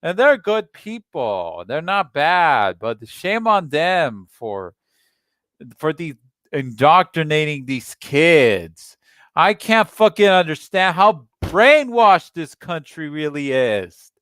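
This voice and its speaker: This young American man, a channel host, rants furiously at home with a slightly high, fairly bright, clear and resonant voice that swings widely in pitch. The studio-quality recording has no room sound, and he curses frequently while cutting himself off to restart.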